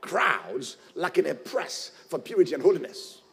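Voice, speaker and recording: A man preaching a sermon as pastor, shouting and lifting his phrases into a sing-song. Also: on the high side, big pitch swings, moderate pace, creaky, breathy edge.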